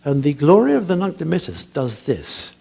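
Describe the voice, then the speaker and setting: An older man with a husky voice, a church composer telling chatty anecdotes about music, hesitant with frequent ums. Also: on the high side, huge pitch swings, moderate pace, warm tone. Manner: chatty, hesitant with many ums, laughs at his own stories. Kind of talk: anecdotal talk.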